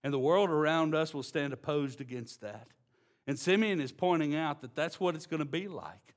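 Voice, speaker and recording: Here a Texan-accented pastor, his voice sitting slightly high, preaches by easing into soft, slow emphasis and then rising into loud, excited storytelling.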